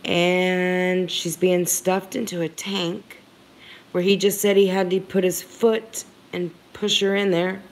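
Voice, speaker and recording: A woman's voice: lowish voice, level tone, takes it slowly. A woman hosting a livestream, talking to her viewers in an earnest, heartfelt and emphatic way. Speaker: livestream commentator. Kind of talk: emotional commentary livestream.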